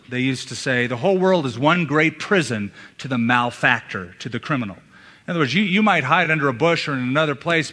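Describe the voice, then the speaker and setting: A male pastor preaching a sermon in a church, emphatic, with dramatic pauses and hushed drops. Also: mid-range voice. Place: church sanctuary. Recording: long hall reverb.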